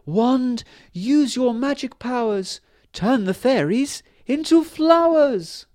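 A man voicing an anxious fairy queen who speaks in a high, pleading voice. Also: animated, slow pace, a little mellow, no room sound, clean studio sound, exaggerated voice. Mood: commanding. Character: fretful fairy queen, tiny and delicate.

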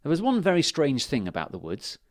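Male storyteller for children's fairy tales, animated voice, dry close sound. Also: a little high, fairly quick, no echo. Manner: lively, expressive storytelling.

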